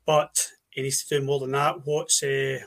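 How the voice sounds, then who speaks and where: A man with a Scottish accent, co-hosting a casual football podcast and speaking in a wry, steady way. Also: mid-range voice, normal speed, gravelly. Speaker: podcast co-host.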